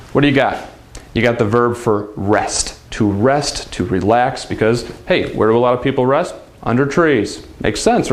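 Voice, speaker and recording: A man teaching a casual video language lesson in an upbeat, chatty way. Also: medium pitch.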